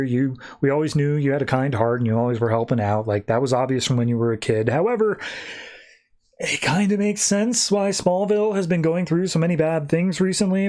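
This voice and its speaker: A man's voice: a little high, a little mellow, natural voice. A man voicing a small-town barbershop gossip who is blunt but friendly and rambles with fillers.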